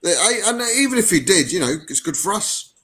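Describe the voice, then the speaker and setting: A man speaking as a guest on a casual football podcast, emphatic but pausing on fillers. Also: high voice, big pitch swings, pushed and bright, slightly rough. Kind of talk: casual fan podcast chat.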